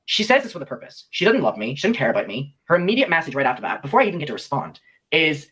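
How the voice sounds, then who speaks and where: A man's voice: a little high, big pitch swings, rapid-fire, a bit bright, breathy edge, rough recording. A young man, telling his side of a story and reading out messages, rambling with lots of ums and likes. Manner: rambling, many fillers like "um" and "like".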